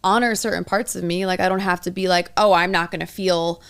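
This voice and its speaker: Earnest low-voiced woman, gravelly edge. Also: steady tone, brisk. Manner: earnest, rambling, heavy use of "like". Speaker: podcast co-host and coach. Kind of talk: casual chat.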